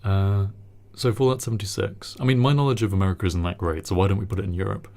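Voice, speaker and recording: A man's voice: lowish voice, steady tone, quick pace, vocal fry, a little mellow. A man chatting casually as co-host, joking and rambling with plenty of ums. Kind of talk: casual chat.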